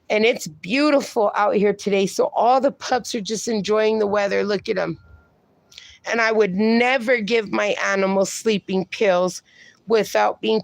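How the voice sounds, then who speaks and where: A woman's voice: mid-range voice, gravelly, dry recording. A woman hosting a casual livestream, reading viewer comments aloud in a chatty way and laughing often between them. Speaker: livestream host.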